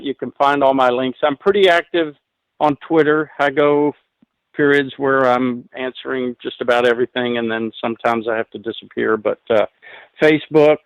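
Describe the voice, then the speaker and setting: A man from New Jersey, a musician guest in a casual interview, talking in a relaxed, rambling way with many fillers. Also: medium pitch, moderate pace, smooth, dry recording, low-quality recording. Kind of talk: casual interview over the line.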